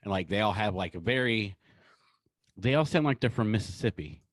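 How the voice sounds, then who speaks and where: A man with a mild North Carolina accent co-hosting a podcast, chatting casually in a relaxed, rambling way. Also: lowish voice, a little fast, no room sound. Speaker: podcast co-host. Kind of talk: casual chat.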